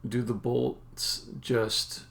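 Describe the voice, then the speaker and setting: Slow gravelly man muttering while coding. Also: medium pitch, little pitch movement, fairly bright tone. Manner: muttering to himself, trailing off mid-thought. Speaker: game developer streaming live coding. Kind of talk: thinking aloud while coding.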